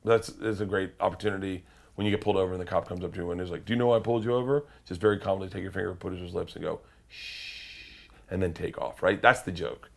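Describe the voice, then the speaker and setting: A middle-aged comedian telling wild stories as a guest, swearing freely and acting out the other people's voices, sometimes shouting. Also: male voice, sits low, flat delivery, very fast, gravelly. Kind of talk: animated storytelling.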